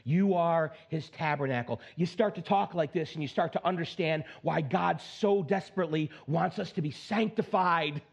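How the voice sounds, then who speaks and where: A man preaching a sermon as pastor, emphatic, swinging from high exclaims down to low, slow stresses, with playful asides. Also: vocal fry. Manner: playful asides, mock self-talk.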